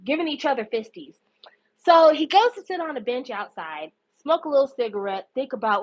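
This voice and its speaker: A woman's voice: sits high, poor audio. A woman hosting a podcast, animatedly recapping a show in casual, profane storytelling and indignantly acting out the characters' lines. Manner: animated, indignant, swears freely, acts out quotes.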